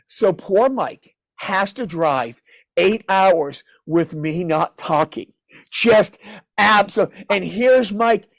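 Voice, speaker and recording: A man's voice: sits high, slow pace, no echo. A man hosting a podcast, telling a long, rambling story in casual chat and acting out other people's lines. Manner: rambling storyteller, many restarts; animated, acts out others' lines. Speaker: podcast host.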